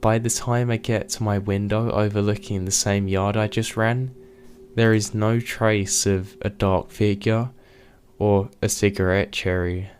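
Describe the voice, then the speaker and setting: A man reading true scary stories aloud as a narrator, in a steady, measured way. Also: on the low side. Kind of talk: scripted narration.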